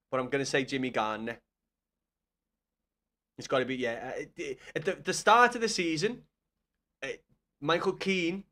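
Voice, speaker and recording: A man's voice: mid-range voice, fairly bright tone. A young man chatting on a gaming livestream, answering his chat with blunt, sweary banter.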